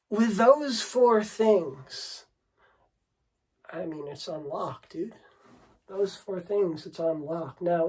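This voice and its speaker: A man's voice: fairly high pitch, a little mellow, husky, poor audio. A man coaching on dating, talking unscripted to the camera in a brash, swearing, rambling way, and calling the listener bro and dude.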